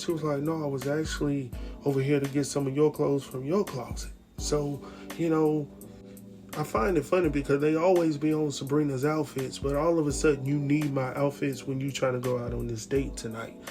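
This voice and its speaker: A man's voice: on the high side, steady tone, normal speed, warm tone, soft background music. A man with recapping a TV episode in casual commentary, acting out the quotes and laughing often. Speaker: TV recap host.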